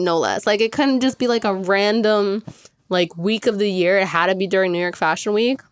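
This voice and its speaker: A woman's voice: mid-range voice, moderate pace, smooth, no room sound, studio quality. A young woman hosting a podcast in casual chat, talking freely with many "like"s and frequent laughs, still recovering from an illness. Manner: chatty, lots of "like", laughs often. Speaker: podcast host.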